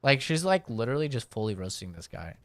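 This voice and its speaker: A man's voice: mid-range voice, very animated, quick pace, slight background noise. A man casually telling a funny story on a stream, dry and laid-back. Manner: dry, laid-back, often trails off with laughter.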